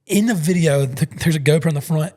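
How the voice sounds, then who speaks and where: A man co-hosting a podcast, telling a story in casual, excitable chat, calling people bro and dude. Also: on the high side, quick pace.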